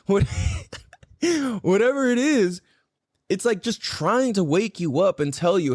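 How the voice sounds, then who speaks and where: Male podcast host, casual and profane, loose rambling delivery; slightly high pitch, dry mic. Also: sing-song, a little slow, darkish tone, no echo. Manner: rambling and heavily profane, full of "like" fillers. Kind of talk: casual chat.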